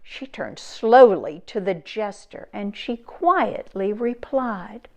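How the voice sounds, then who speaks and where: A woman reading a rhyming storybook aloud in an expressive, sing-song way. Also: mid-range voice, slow pace, hardly any pauses.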